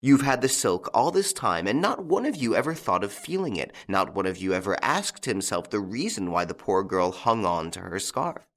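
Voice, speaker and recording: A man voicing a mocking, playful gentleman thief in an audiobook, teasing and taunting with big swings in pitch. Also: sing-song, normal speed, few pauses. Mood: scornful. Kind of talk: audiobook character reading.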